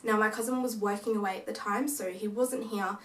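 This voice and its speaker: A woman's voice: mid-range voice, brisk, distant mic. Young woman telling a ghost story in an echoey room. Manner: animated retelling that acts out quoted family lines. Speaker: vlogger. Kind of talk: casual storytelling of a paranormal experience. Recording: echoey room, voice away from the mic.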